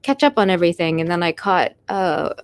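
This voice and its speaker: A woman's voice: lowish voice, animated, brisk, clean tone, no room sound. A Canadian woman with a Canadian accent, hosting a casual live stream, tired and rambling as she answers her chat with small apologies.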